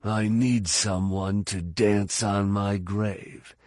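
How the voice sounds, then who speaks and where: A man voicing a weary older bounty hunter in a storybook reading, dry and gruff. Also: lowish voice, fairly even intonation, slow, darkish tone, no room sound.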